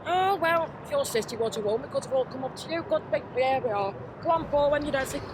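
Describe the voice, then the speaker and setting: A woman's voice: high voice, expressive, fast talker. A woman playing a chatty, rambling Liverpool woman with a shopping trolley, who keeps butting in with her own stories during a comedy sketch on a city street. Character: gossipy Scouse woman pushing a shopping trolley. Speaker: comic presenter. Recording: outdoor street with traffic noise.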